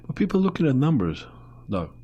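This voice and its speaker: A man hosting a talk show, speaking English with a foreign accent in a chatty, animated way that jumps between topics. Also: medium pitch, brisk, husky, lo-fi sound. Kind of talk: casual interview chat.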